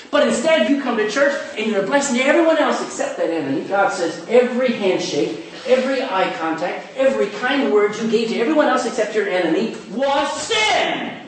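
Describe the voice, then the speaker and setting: A man preaching a sermon as pastor, animated, slipping into quick voices for the people he mimics. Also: very high voice. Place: church. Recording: echoey church hall, distant mic.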